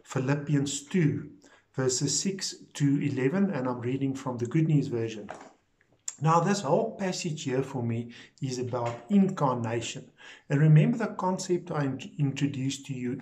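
A man preaching a recorded sermon episode, slow and deliberate, stressing key words and repeating phrases for emphasis. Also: a little high, a little mellow.

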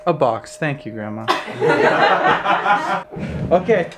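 A man's voice: on the high side, sing-song, very slow, heavy background noise. A young man vlogging at a family Christmas gathering, joking around and hamming it up with a mock-Santa act. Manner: jokey, hammy mock-Santa announcing with ho-hos. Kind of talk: casual vlog talk and playful hosting. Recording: family chatter in the background. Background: family talking nearby.

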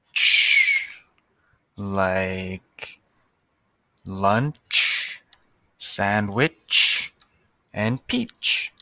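Recording a lesson for young kids, a patient male teacher stretches his sentences out and breaks them into single words. His voice is fairly low in pitch yet bright, forward, and clean, captured in a close, dry recording with no room around it.

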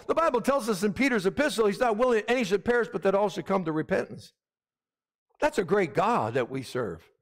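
Male pastor with a high voice, emphatic sermon delivery and congregational call-outs, in a long-reverb sanctuary. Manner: emphatic, calls for "Amen?" from the congregation. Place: hot church sanctuary with fans running.

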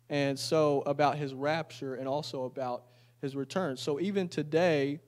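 A man's voice: on the high side, a little mellow. A man preaching a sermon in a church. He reads scripture aloud and then explains it in casual, everyday talk. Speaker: pastor.

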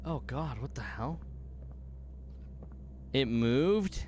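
Excitable man streamer with a swooping voice. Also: very slow, background noise. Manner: excitable, swears, jumps to sudden high shouts and laughter. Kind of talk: gaming livestream commentary.

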